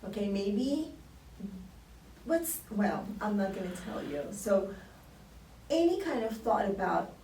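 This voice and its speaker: Very animated yet unhurried, this warm, medium-pitched woman leaves long pauses as she runs an English conversation class in English and Spanish. She laughs often, models intonation and explains phrases with patience, captured at a distance in a roomy classroom with faint background noise.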